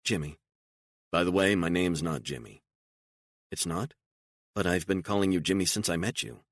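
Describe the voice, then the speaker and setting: A man's voice: low-pitched, moderate pace, no echo, studio quality, pitched above the performer's own voice. A man voicing a frightened, emotional woman on the run, pleading and incredulous and raising her voice often, in an audiobook. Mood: tearful.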